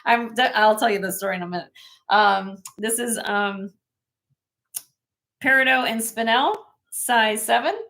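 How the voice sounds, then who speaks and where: Woman host, live sale stream, quick item rundowns with friendly asides, bright tone. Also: fairly high pitch, gravelly. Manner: brisk item listing with chatty asides and restarts. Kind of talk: casual live-sale chat. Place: at home.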